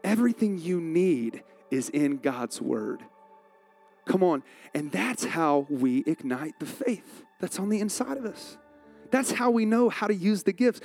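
A man pastor preaching a sermon in a conversational, animated way, acting out quotes from the story. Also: sits high, a little slow, faint music behind.

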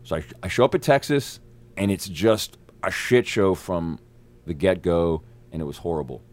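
A male actor telling wild stories as a guest, his voice swooping up and down as he acts out the other people in them. His talk is fast-moving and profane, full of bursts of energy. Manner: energetic, profane, acts out quotes with big pitch jumps. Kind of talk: animated storytelling.

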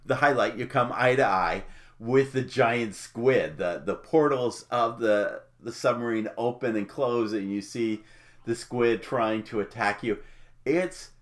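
A man hosting a podcast, talking casually and enthusiastically, with many pauses, ums and restarts. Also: on the low side, fairly bright tone. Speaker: podcast host.

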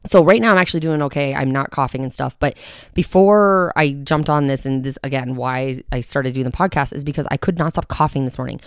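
A woman hosting a casual solo podcast from a quiet home, chatting in a rambling, self-mocking way and sounding slightly short of breath. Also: very deep voice, a little fast, smooth, dry recording, studio quality. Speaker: podcast host. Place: quiet home in the early morning.

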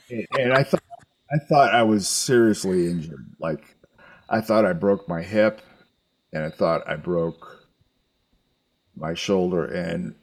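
An older man telling a story in casual chat, halting and rambling, with some swearing. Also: sits low, vocal fry, breathy edge, no room sound.

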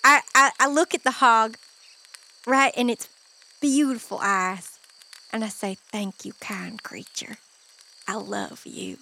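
Woman doing a squeaky, adoring little goblin. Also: a little slow, pauses often, sharp tone. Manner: gushing, breathlessly adoring. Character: sweet, innocent little goblin. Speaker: player. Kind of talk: voicing a character in a tabletop game.

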